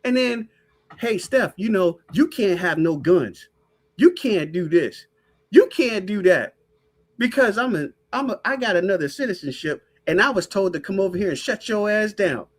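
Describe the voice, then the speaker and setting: Animated, swearing woman podcast host. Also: medium pitch, normal speed. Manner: profane, animated storytelling rant. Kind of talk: casual heated chat.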